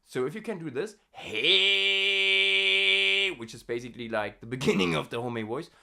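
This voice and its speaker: A hobbyist harsh vocalist casually explaining scream technique in a video diary, with relaxed, halting explanations between vocal drills. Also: medium pitch, vocal fry.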